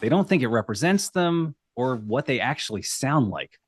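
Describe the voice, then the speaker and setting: A man's voice: mid-range voice, very animated, moderate pace, slightly rough, no room sound. A man co-hosting a podcast, recounting a band's history from his notes in a storytelling way over casual chat. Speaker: podcast co-host.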